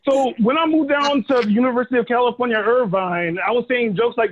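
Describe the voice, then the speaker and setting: A man in his thirties from Dallas, Texas, performing a stand-up comedy set, telling animated stories with acted-out quotes into a phone held by his son. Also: very high voice, fast talker, few pauses. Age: 30s. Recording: thin phone-like audio.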